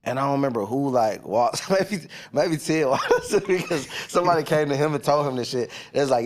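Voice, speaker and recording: A man's voice: medium pitch, animated, normal speed, hardly any pauses. A young man from Decatur, Georgia, a rapper guest telling stories in loose, profane slang during a casual interview.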